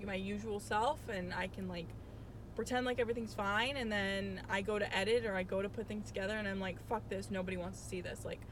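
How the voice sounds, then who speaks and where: A woman in her twenties talks frankly into a phone camera while sitting in her car. Her voice is mid-pitched, and she rambles, swears freely and sounds worn down. The passing traffic outside is clearly heard. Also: steady tone, a little fast. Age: 20s. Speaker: vlogger. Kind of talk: candid confessional vlog. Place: in a car, outdoors, by an urban street. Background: traffic noise.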